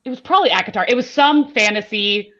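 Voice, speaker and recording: A woman's voice: on the high side, animated, quick pace, fairly bright tone, muffled recording. A woman co-host chatting casually, telling rambling stories full of fillers. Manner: rambling storyteller, many fillers. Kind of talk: casual chat.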